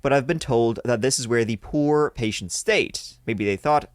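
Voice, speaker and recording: A man's voice: mid-range voice, moderate pace, no room sound, clean studio sound. Joking male podcast host reading stories. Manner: crude joking asides between read passages. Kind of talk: casual podcast banter while reading aloud.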